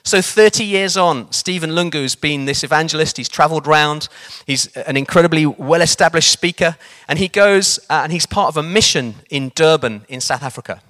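A male preacher giving a sermon, telling a story in an animated way and slowing down or speeding up for emphasis. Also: on the high side. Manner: animated, varies pace for emphasis.

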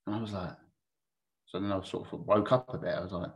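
A low-pitched man tells a personal story as a podcast guest. He talks candidly and casually, swearing freely and often restarting his sentences. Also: expressive, fast.

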